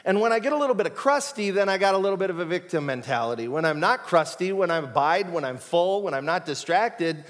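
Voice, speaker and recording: A man's voice: sits high, quick pace, hardly any pauses, fairly bright tone. Chatty joking male pastor. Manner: casual, joking, conversational with many fillers. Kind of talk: sermon. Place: church. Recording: long reverb in a church hall.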